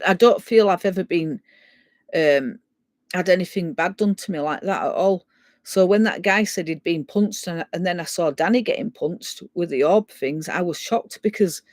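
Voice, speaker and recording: A woman telling a ghost story in a casual, animated way, often restarting her sentences. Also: lowish voice, no echo. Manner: animated, stumbling restarts, chatty. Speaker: guest sharing a ghost story.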